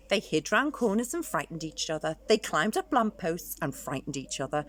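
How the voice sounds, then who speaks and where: A woman's voice: lowish voice, expressive, normal speed, slight background noise. A woman teacher reading a picture book aloud to young children, speaking directly to her listeners as she goes.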